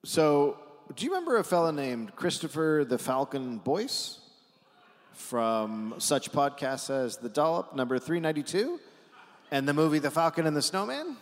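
A man hosting a comedy podcast live, telling a history story in an animated, casual way with dry asides and offhand swearing. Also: fairly high pitch, moderate pace. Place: stage at a live podcast taping. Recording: live show in a reverberant hall.

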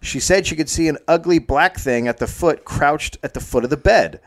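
A man hosting a comedy podcast, narrating a historical story in a deadpan way, with jokey asides. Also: a little high, normal speed.

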